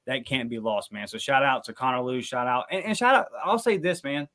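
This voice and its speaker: A man co-hosting a sports podcast, chatting casually about a game. He builds into heated, emphatic rants, pushing his middle-pitched voice much higher when frustrated. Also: a little fast, pushed and bright. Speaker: podcast co-host. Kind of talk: casual sports recap chat.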